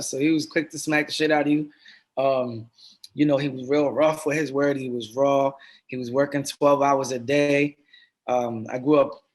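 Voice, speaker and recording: Streetwise middle-aged guy on a podcast, talks earnest and repeats himself, kinda high voice. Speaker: podcast guest. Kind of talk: casual conversation.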